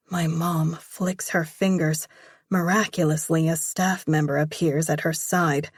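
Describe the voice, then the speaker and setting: A woman reading a first-person romance audiobook in a slow, measured way. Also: sits low, steady tone, husky, dry recording, clean studio sound. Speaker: audiobook narrator.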